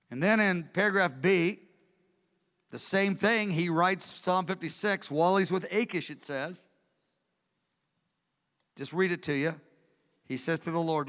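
A man preaching a sermon in a church, passionate and animated, acting out the voices he quotes. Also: high-pitched, measured pace, long pauses. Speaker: pastor. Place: large church hall. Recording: reverberant church hall with music. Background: guitar worship music.

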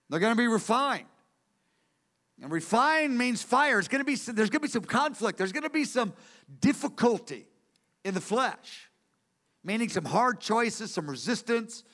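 A man with a notably high voice delivers a Bible teaching from his notes. He speaks earnestly and with emphasis, circling back to repeat key words so they land. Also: a bit bright. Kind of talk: teaching sermon from lecture notes.

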